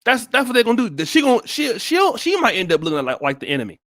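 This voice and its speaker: A man's voice: extremely high pitch, huge pitch swings, fast, a bit bright, no room sound, clean studio sound. An American man giving blunt, profane commentary on a live stream, with many restarts. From United States. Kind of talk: casual livestream commentary.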